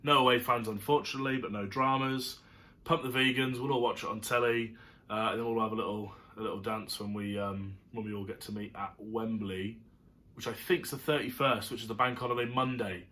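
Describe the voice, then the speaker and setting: A man reviews a football match on camera in a rambling, chatty way, heavy on fillers and tangents. His lowish voice is steady, fairly quick, pushed and bright, recorded through a camera setup.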